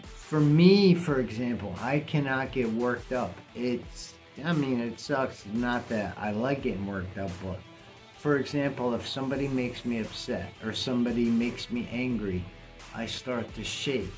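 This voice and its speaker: A man's voice: medium pitch, unhurried, darkish tone, faint music behind. A man talking bluntly and casually to camera in a vlog, cursing now and then. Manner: blunt, plainspoken, swears casually. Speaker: vlogger.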